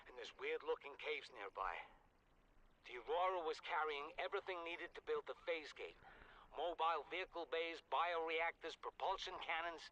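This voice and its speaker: A man's voice: on the high side, sharp tone, dull audio. An actor voicing a frightened male survivor recording logs after a crash on an alien world in a video game. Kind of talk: voiced game audio logs.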